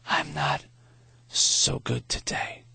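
Man doing a frail raspy old dying professor. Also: slow pace, bright, forceful tone, no room sound. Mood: frail, tender. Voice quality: thin, raspy, whispery. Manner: speaks in short breathy bursts.

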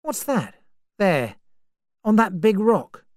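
A woman narrator voicing a cold, dangerous man who speaks slowly and menacingly, in a story reading. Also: mid-range voice, sing-song, a little mellow, dry recording, studio quality, pitched above the performer's own voice. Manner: slow, dangerous.

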